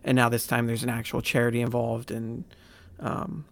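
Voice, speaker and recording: A man's voice: medium pitch, completely flat delivery, normal speed, vocal fry. A man co-hosting a casual gaming podcast, rambling a bit with many restarts and fillers. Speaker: podcast co-host.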